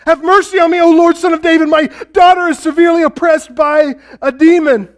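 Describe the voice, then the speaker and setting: A man's voice: extremely high pitch, steady tone, fairly quick, pitched above the performer's own voice. A preacher playing a desperate mother who begs again and again for her daughter to be healed. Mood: pleading. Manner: begging, repeating cries. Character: desperate pleading mother, a Gentile woman.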